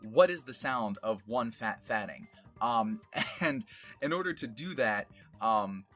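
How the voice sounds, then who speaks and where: A man's voice: mid-range voice, lively intonation, slow pace, bright, forceful tone, soft background music. A man who works as a voice actor, rambling casually and laughing at himself as he explains his craft. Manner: rambling and self-amused, with many fillers. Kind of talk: casual talk about voice acting.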